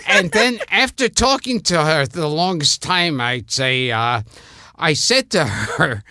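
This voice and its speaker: A man, hosting and telling a story in a loud, animated, mischievous way. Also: a little high, a little slow. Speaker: host. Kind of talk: casual storytelling chat.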